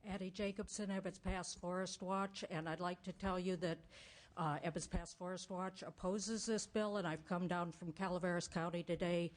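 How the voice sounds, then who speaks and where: Low, even-voiced woman testifying. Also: normal speed. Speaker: opposing citizen witness. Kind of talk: public testimony.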